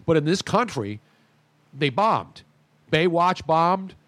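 A man's voice: a little high, big pitch swings, takes it slowly, a bit bright, no room sound. A man hosting a casual sports talk show, emphatic and jokey. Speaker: host.

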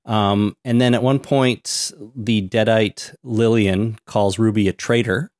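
A man's voice: lowish voice, steady tone, slow, a little mellow, no room sound, studio quality. A man co-hosting a casual podcast chat, hesitant and repeating words while he searches for them. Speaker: podcast co-host.

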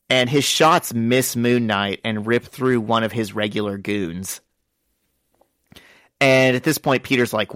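A man's voice: medium pitch, slow, a bit bright, no echo, studio quality. A man co-hosting a podcast, casually recapping a comic issue and reading lines from it aloud. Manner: retells scenes, reading quoted lines aloud. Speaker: podcast co-host.

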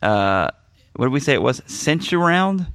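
A man's voice: medium pitch, big pitch swings, moderate pace, fairly bright tone, clear, resonant tone, no echo, clean studio sound. A man from the Missouri Ozarks hosting a podcast, asking questions in an easygoing way. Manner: easygoing, interviewing with fillers. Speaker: podcast host. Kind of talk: casual podcast chat.

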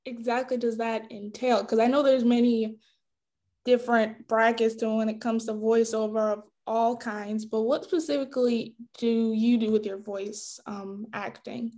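Higher-voiced friendly podcast host woman. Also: flat delivery, moderate pace, a little mellow. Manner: friendly, polite, some filler ums. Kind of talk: podcast interview.

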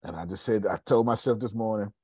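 A man's voice: on the low side, fast, dark tone, husky, no room sound. A man hosting a podcast in casual live coaching talk, emphatic, repeating phrases and calling listeners by name. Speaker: podcast host.

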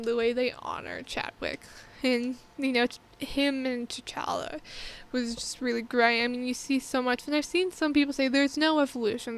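High-voiced woman giving a heartfelt film review. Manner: heartfelt, rambling with frequent restarts. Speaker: movie reviewer. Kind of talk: casual film review vlog.

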